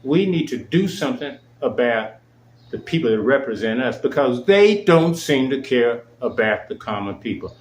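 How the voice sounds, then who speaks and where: A man's voice: medium pitch, animated, normal speed. A man hosting his own show, delivering an indignant, emphatic monologue. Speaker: show host. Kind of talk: angry monologue. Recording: echoey room.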